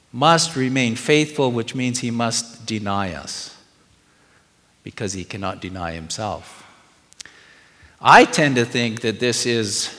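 A man's voice: mid-range voice, bright, forceful tone, long reverb tail. A middle-aged man preaching a sermon, earnest and conversational, asking the congregation questions as he goes. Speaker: pastor.

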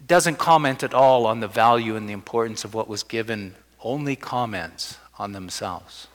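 A man's voice: on the low side, normal speed, fairly bright tone. Man, pastor's sermon, chatty, acts out quoted voices, long hall echo. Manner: conversational, acts out little scenes in quoted voices. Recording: long church hall reverb.

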